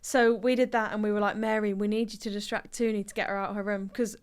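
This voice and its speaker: A woman's voice: medium pitch, little pitch movement, quick pace, smooth. A woman co-hosting a casual podcast chat who laughs often while telling a story. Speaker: co-host, footballer.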